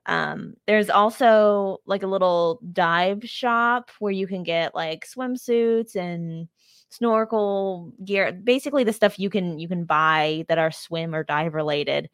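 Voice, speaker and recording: A woman's voice: lowish voice, slow, clean tone, no room sound, clean studio sound. A woman co-hosting a podcast, chatting casually with lots of ums and likes and some teasing. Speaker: podcast co-host. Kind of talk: casual chat.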